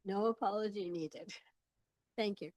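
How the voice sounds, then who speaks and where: A woman's voice: mid-range voice, a little slow, darkish tone, no room sound. A woman, the mayor chairing a council meeting, polite and procedural.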